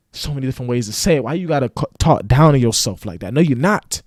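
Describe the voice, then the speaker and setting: A man's voice: mid-range voice, expressive, fast, few pauses, no room sound, studio quality. A man giving a casual motivational rant to camera, slangy and preachy, now and then acting out mocking voices. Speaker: motivational vlogger.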